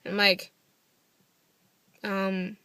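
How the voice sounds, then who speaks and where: A woman's voice: mid-range voice, little pitch movement, extremely slow, sharp tone, smooth, no room sound. A young woman telling a story to camera in a casual vlog, blunt and swearing freely, acting out the texts in quoted voices. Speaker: vlogger.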